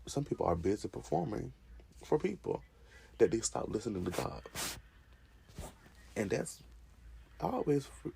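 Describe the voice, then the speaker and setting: A man's voice: mid-range voice, creaky, warm tone, breathy edge. A man hosting his own show, giving a conversational faith commentary monologue with rhetorical repeated phrases and casual asides. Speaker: host.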